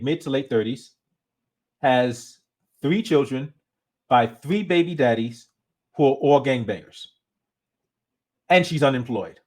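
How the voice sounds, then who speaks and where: Animated, slightly higher-voiced man commentator. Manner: conversational, animated retelling with frequent restarts. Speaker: channel host. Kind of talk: casual commentary.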